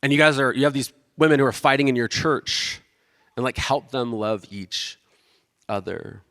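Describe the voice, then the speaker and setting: Casual bright-voiced male pastor preaching. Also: mid-range voice, normal speed, big-room sound. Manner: casual, self-deprecating, acts out quoted voices. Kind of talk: conversational sermon.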